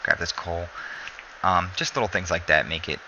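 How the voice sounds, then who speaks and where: Sleepy male gameplay commentator, low and gravelly, meandering and self-correcting. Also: normal speed, dull audio, a little hiss or hum. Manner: rambling, self-correcting, relaxed. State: sleepy, yawning.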